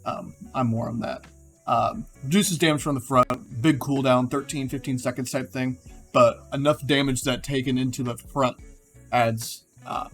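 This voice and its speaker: A young man casually rambling through game hero concepts, with many fillers and self-corrections. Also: medium pitch. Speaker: gaming video creator.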